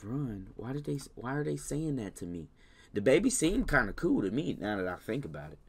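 A man giving casual let's-play commentary on a game, talking to the characters, slangy, with loud scolding bursts. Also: mid-range voice, very animated, brisk, breathy edge. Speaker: gaming YouTuber.

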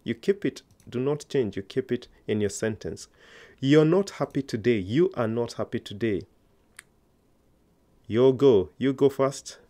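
A man's voice: medium pitch, animated, a little slow, mellow. A man teaching an online language lesson, patiently coaxing learners to answer aloud.

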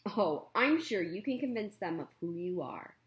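A kindly old woman scientist, played by a woman reading a storybook aloud. Her tone is reassuring and gently lively. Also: on the low side, normal speed.

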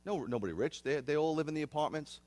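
A man's voice: fairly high pitch, lively intonation, quick pace, a little mellow. Earnest rabbi in his fifties. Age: 50s. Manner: earnest, repeats and restarts phrases. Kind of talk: conversational sermon.

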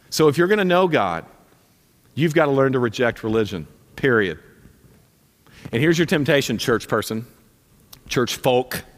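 A man preaching from the pulpit in a mid-range voice, pressing his points with blunt repeated commands. His sermon rings through a reverberant church hall. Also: mid-range voice. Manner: emphatic, repeats commands, direct and punchy. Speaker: pastor. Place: church sanctuary.

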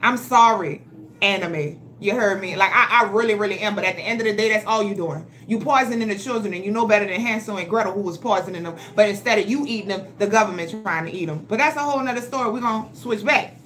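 A woman, telling her story to viewers in a casual, profane, animated way on a phone livestream. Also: medium pitch, fast talker. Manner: blunt, profane and animated, talking straight to viewers. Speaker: health vlogger. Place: at home.

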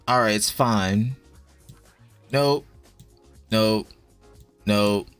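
Slow-talking young man streaming with music. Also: mid-range voice, a bit bright. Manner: blunt, profane, quick verdicts; chatty with viewers. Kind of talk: casual live-stream commentary.

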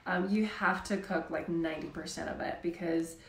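A woman's voice: fairly low pitch, fairly even intonation, moderate pace, gravelly, echoey room. A woman hosting a live health Q&A, talking in a casual, chatty way with lots of "like". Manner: chatty, says "like" often. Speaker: health show host.

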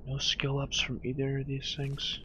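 A man casually commenting on his gameplay, swearing, muttering to himself and yelling at his companion. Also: mid-range voice, completely flat delivery, moderate pace, slight background noise. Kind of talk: casual let's play commentary.

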